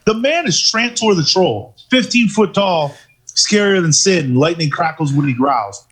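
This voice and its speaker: A man co-hosting a podcast, telling stories in a casual, profane, animated way. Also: sits high, measured pace, husky, poor audio. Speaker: podcast co-host. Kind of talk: casual storytelling chat.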